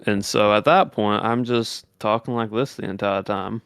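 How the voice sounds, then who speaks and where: A male streamer in casual chat who rambles with many fillers and drawls some words out in a put-on Southern voice, recorded on a compressed mic that makes him sound monotone. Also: lowish voice, normal speed, smooth, no room sound. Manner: rambling, many fillers, explains things loosely. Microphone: desk microphone with built-in compression.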